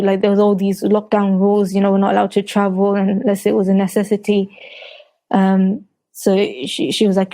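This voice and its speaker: A woman in her thirties speaks with a London accent, her voice mellow and low in brightness. She talks in a flat, even way, stumbling and restarting as she recounts her story to an interviewer. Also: a little slow, poor audio. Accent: London English. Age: 30s. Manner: hesitant, many restarts and fillers; recounts quotes in a flat retelling voice. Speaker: guest. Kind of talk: personal testimony in an interview.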